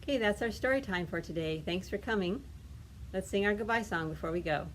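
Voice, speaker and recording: A woman, a children's librarian, reading a story aloud at storytime and gently coaxing the children with questions. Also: medium pitch, fairly quick, slight background noise.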